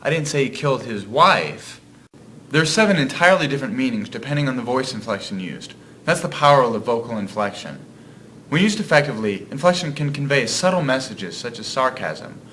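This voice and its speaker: A man narrates a student class video in a scripted, explanatory way. His pitch is average and steady. Faint noise lies beneath. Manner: explanatory, measured.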